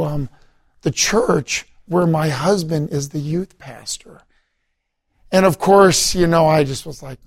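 A middle-aged man with a fairly high voice recounts his past in a loose, meandering way. He often stops to restart his sentences and fills pauses with ums and uhs. The sound is dry and close. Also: dry recording. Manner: rambling storytelling with many fillers and restarts. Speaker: guest. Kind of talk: conversational testimony interview.

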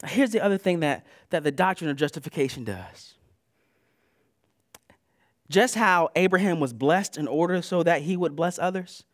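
A man preaching a sermon in a casual, conversational way, moving between loud bursts and hushed asides. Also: a little high, animated, moderate pace, no room sound, studio quality. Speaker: pastor.

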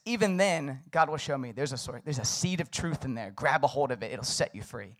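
A man's voice: medium pitch, lively intonation, brisk, few pauses. A young adult man preaching a conversational sermon, loose and casual with many fillers. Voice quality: casual, filler-heavy delivery with frequent "like". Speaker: pastor.

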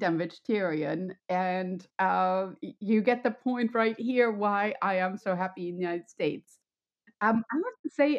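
German-accented woman on dull audio. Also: medium pitch. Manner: friendly, explanatory, upbeat. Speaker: podcast guest, wellness coach. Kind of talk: conversational interview.

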